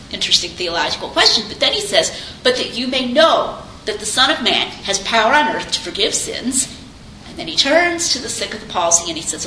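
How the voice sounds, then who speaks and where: Animated woman lecturing in an echoey room. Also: on the high side. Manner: conversational, animated, quotes others in little voices. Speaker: Christian apologetics speaker. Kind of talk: informal lecture to an audience. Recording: echoey room, faint background noise.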